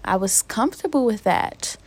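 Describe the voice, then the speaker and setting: A woman's voice: fairly high pitch, animated, moderate pace, breathy edge. A young woman hosting her own podcast, speaking in a candid, profane, emotionally raw solo vent to her listeners. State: emotionally hurt, near tears. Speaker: podcast host. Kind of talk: casual solo podcast venting.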